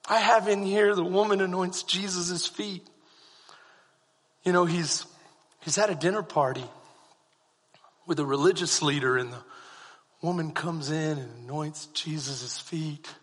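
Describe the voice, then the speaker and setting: A male pastor with a high, sharp voice and a husky edge delivers a sermon built on personal storytelling. He drops to hushed tones and then rises to fervent shouts. His voice rings with long reverb through a church hall. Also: fairly even intonation, unhurried, long pauses.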